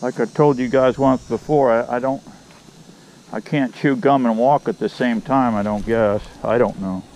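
A man's voice: mid-range voice, fairly even intonation, normal speed, darkish tone, rough recording. A man from Florida, chatting casually to viewers and his bees while he works the hives outdoors. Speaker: beekeeper vlogger. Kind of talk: casual chat while working. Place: outdoors at beehives. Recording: insect buzz and outdoor noise.

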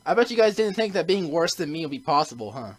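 A man hosting a gaming channel, giving excitable play-by-play commentary and yelping when he is in danger. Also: a little high, fast talker. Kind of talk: gameplay commentary. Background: game music.

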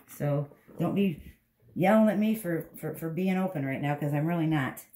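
Speaking at a normal pace in a deep, dark voice, a woman demonstrates dog grooming and reassures the animal as she works. The recording carries room echo and faint background noise from the indoor grooming space.

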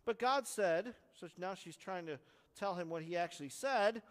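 A man with a notably high speaking voice preaches an expository sermon, earnest and explanatory, pressing hard on key words. His voice carries a long reverb from a church sanctuary. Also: moderate pace. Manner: earnest, explanatory teaching with strong emphasis. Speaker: pastor.

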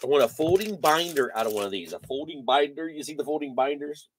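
A man hosting a live trading card break, calling out player names and giving energetic, slangy shout-outs to buyers. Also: a little high, quick pace, slight background noise.

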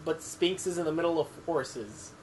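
A man's voice: fairly high pitch, lively intonation, measured pace, a little hiss or hum, low-quality recording. A man casually chatting while playing a video game, rambling and full of restarts and "like". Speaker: let's play commentator. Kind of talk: casual chat over gameplay.

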